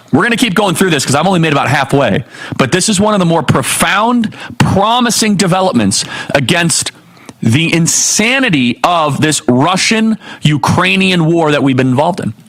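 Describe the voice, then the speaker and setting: A man's voice: a little high, fairly bright tone. An American man in his thirties hosting a political talk show, delivering an emphatic, punchy commentary monologue. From United States. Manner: emphatic, punchy, rapid-fire.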